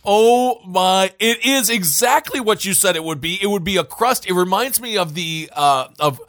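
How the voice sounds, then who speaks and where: A man co-hosting a casual comedy podcast, making crude jokes with lively, exaggerated reactions. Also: high-pitched, moderate pace, dry recording. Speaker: podcast co-host.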